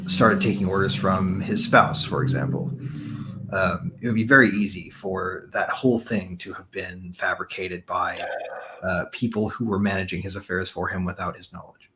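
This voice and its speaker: Blunt, low-voiced male guest. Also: pushed and bright. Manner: emphatic, blunt, swears casually. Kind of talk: casual chat.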